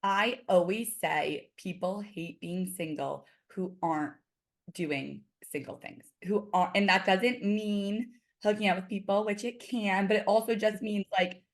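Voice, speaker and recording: A woman's voice: medium pitch, a little slow. A woman guest on a podcast, chatting casually and peppering her talk with "like". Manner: chatty, lots of "like" fillers. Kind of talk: casual chat.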